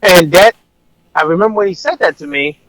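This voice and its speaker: A man's voice: high voice, brisk, a bit bright, no echo, low-quality recording. A man, an officer, telling a personal story in a casual, rambling way, blunt and swearing at times. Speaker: officer guest.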